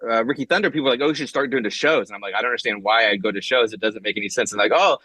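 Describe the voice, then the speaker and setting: This dry recording captures a rapid-fire man with a mid-range voice. As a guest comic writer in an interview, he spins casual, animated stories full of fillers, restarts, and acted-out quotes.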